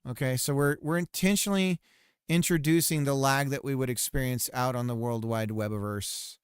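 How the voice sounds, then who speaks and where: A man's voice: mid-range voice, steady tone, normal speed, clear, resonant tone, no echo, studio quality. A man streaming his game development work, thinking aloud in a playful way and muttering and repeating phrases to himself as he works.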